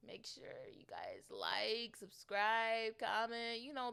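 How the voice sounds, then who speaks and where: A woman's voice: medium pitch, lively intonation, measured pace, creaky, few pauses, fairly bright tone, smooth. A woman in her twenties hosting a podcast, chatting casually and rambling with many ums. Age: 20s. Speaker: podcast host. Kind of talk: casual solo podcast chat.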